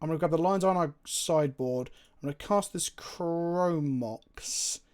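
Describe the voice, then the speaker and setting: An excitable man talks through his card game on a live stream. He thinks out loud and swears freely. He speaks into a desk microphone. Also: fairly high pitch, moderate pace, smooth. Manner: excitable, profane, thinking aloud.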